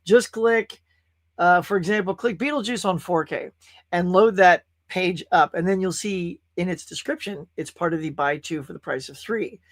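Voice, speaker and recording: A man's voice: high voice, normal speed, no room sound, clean studio sound. A man from California, host of a casual live-stream show, talking in a rambling, chatty way and reading viewers' comments aloud. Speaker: podcast host.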